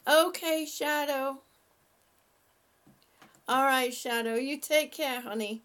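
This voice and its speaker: A woman's voice: sits high, fairly even intonation, slow, long pauses, fairly bright tone. A woman hosting a casual live stream, chatting and laughing often as she greets viewers by name. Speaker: livestream host.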